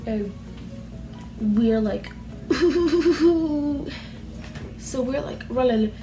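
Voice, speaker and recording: Slow, rambling young woman vlogger. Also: medium pitch, over music. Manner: rambling, heavy use of "like" fillers; restless, fidgety while telling. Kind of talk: casual storytime vlog.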